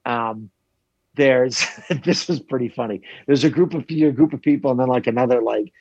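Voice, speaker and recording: A man's voice: mid-range voice, normal speed, a little mellow, no echo, highs cut off. A man chatting casually about a trip, rambling and swearing with many restarts. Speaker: traveler recounting a trip. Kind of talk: casual chat.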